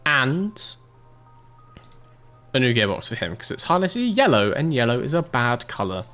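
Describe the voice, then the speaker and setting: Chatty British guy with lively pitch. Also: faint music behind. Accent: British English. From Britain. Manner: chatty, rambling, swears casually, quick asides. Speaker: streamer playing a racing manager game. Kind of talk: casual gaming commentary and chat reading.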